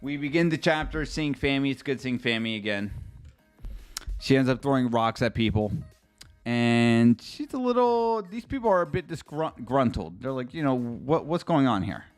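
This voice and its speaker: A man's voice: medium pitch, big pitch swings, moderate pace, smooth. A man with a mid-range voice rambles through a casual live reaction stream. He chats loosely with his viewers and swears freely. Faint music plays underneath. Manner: chatty and rambling, swears casually, talks to chat.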